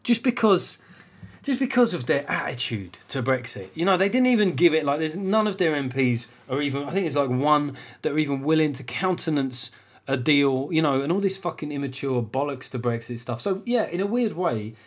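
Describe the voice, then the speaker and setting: A man's voice: on the high side, animated, fairly quick, slightly rough. A man from England, a comedian hosting his own podcast, talking in a casual, sweary, self-mocking way with stammered restarts. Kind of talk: casual solo podcast monologue.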